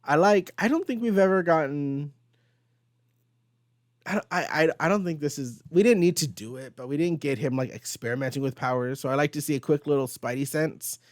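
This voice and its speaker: A man's voice: a little high, brisk, no echo. Man recapping comics in a dry room. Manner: animated recapping, quoting characters in passing. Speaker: host. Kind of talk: casual comic book discussion.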